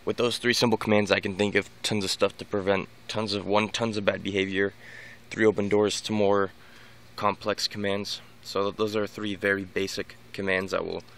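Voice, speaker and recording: A man's voice: lowish voice, little pitch movement, moderate pace, fairly bright tone. A man talking casually in a vlog about training his dog, rambling with many restarts and repeated words. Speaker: dog owner giving training tips. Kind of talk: casual unscripted vlog monologue.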